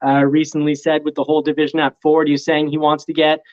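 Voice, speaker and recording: A man joining a live chat as a guest car reviewer over a remote call, explaining things quickly and with confidence. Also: a little high, completely flat delivery, clear, resonant tone. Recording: dull lo-fi call audio.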